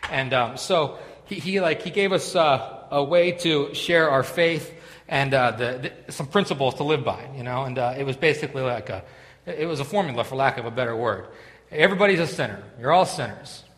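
A man's voice: medium pitch, normal speed, fairly bright tone. A man preaching a sermon in a church, telling a story with many restarts and asides. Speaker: pastor. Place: church sanctuary. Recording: long reverb of a church hall.

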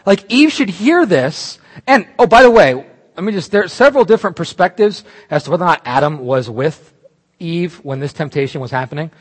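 A man preaching a sermon, animated and emphatic, breaking off into asides and restarts. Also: on the high side, quick pace, in a large hall. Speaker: pastor.

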